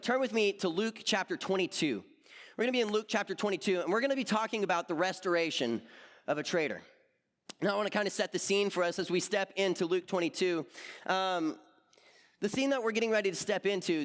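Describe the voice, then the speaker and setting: A man's voice: a little high, fairly bright tone, big-room sound. A man in his twenties giving a casual youth sermon as associate youth pastor, telling stories animatedly with lots of fillers.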